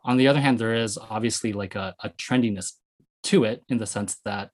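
A man's voice: lowish voice, fairly quick. A man from the US West Coast hosting a casual discussion, rambling with many fillers and restarts.

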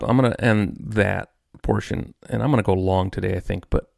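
A man's voice: on the low side, fairly even intonation, normal speed, creaky, a little mellow, no echo, studio quality. A man hosting his own podcast, ranting in a frustrated, rambling way with many restarts. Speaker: podcast host. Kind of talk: solo podcast rant.

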